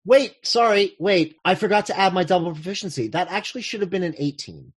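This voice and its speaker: Sarcastic, animated tabletop player. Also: medium pitch, fairly quick, husky. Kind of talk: casual tabletop game chat.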